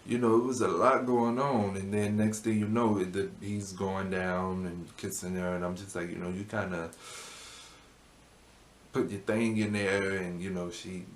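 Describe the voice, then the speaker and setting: Low-voiced man casually recapping a show. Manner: chatty, laughs often, retells scenes with quick quoted lines. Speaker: TV episode reviewer. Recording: echoey room with steady background noise.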